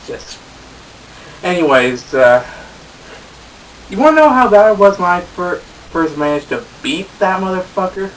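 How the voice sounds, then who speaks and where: A man's voice: high-pitched, animated, a little slow, long pauses, fairly bright tone. A man talking to the camera from his own room, venting with heavy swearing and stammering restarts. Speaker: game reviewer host. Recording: distant mic with hiss.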